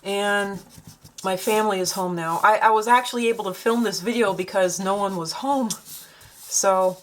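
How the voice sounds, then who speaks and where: A woman's voice: medium pitch, moderate pace, poor audio. A woman with a northern Minnesotan accent, talking in a rambling, chatty way to her own camera at home while she paints. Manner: meandering, chatty, many fillers and restarts. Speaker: vlogger and artist. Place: at home, indoors. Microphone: camera she set up herself.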